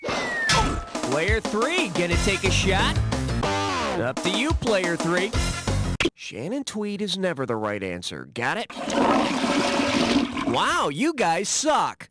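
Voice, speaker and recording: A man hosting a quiz game in a sarcastic, mocking way, swinging his voice up and down as he teases the players. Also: a little high. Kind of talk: snarky game show hosting. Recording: loud music behind the voice.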